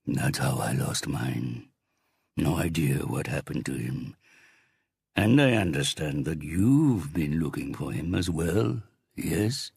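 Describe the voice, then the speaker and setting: Audiobook villain: a man doing a big crime boss, slow, booming and mocking, gravelly and deep. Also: animated, a little mellow, no room sound, studio quality, full character voice. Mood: mocking menace. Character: huge menacing crime boss, theatrical.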